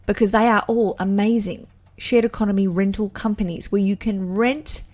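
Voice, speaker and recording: A woman's voice: medium pitch, steady tone, normal speed, darkish tone. Chatty Australian woman podcast host. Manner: chatty and enthusiastic, rambling asides. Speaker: wedding podcast host answering a listener. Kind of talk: casual advice chat.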